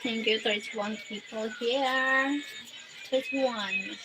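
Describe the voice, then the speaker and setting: Slow-talking woman greeting live viewers. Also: on the high side, animated, loud music behind the voice, low-quality recording. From Philippines. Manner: greets viewers by name, laughs often. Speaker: live-stream host. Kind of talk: casual live-stream chat.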